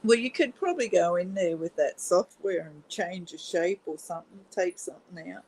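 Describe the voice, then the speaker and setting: A woman's voice: lowish voice, expressive, normal speed, a little mellow, slightly rough, low-quality recording. Chatty Australian woman telling stories. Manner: chatty, laughs often, storytelling. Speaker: host. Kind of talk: casual chat.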